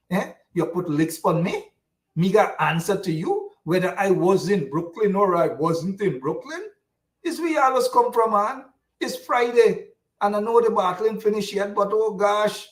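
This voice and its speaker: Animated Guyanese man ranting on air. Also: high voice, moderate pace, echoey room, recorded from a distance, rough recording. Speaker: talk show host. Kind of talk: casual political talk show.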